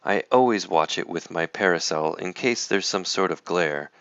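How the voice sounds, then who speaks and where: A storybook reader with a very low, smooth male voice brings a children's picture book to life at a normal speed. The recording is close, dry, a bit muffled, and free of echo.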